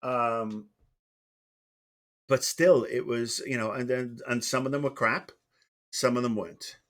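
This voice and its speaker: A man's voice: mid-range voice, fairly even intonation, measured pace, a bit bright. A middle-aged man streaming live, chatting casually in a meandering, profane, self-deprecating way. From Wales.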